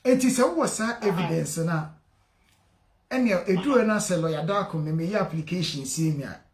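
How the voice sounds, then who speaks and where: Guy hosting call-in radio, high voice, roomy echo, jokey banter. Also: normal speed. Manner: lively, laughing, code-switching banter. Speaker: radio host.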